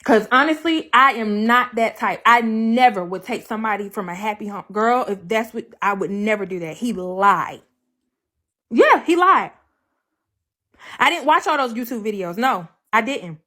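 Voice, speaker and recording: A woman's voice: fairly high pitch, animated, fairly quick, hardly any pauses, bright, forceful tone. A woman talking casually on a livestream, blunt and profane, hammering her points home by repeating them. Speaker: livestreamer telling her side of a breakup.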